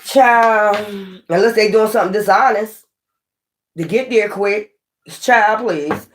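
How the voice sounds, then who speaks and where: A woman's voice: medium pitch, slow, a little hiss or hum. A woman giving a casual spiritual tarot reading, blunt, profane and preachy, rambling with frequent restarts. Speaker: tarot reader.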